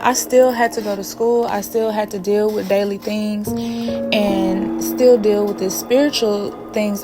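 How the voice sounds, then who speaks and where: A woman telling a personal spiritual story with emphatic asides to the listener. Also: medium pitch. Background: music.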